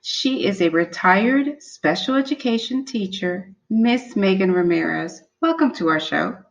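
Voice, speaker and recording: A woman's voice: medium pitch, animated, unhurried, vocal fry, highs cut off. A woman hosting an interview show, introducing her guest and asking questions in an upbeat, welcoming manner. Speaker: host. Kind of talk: podcast hosting.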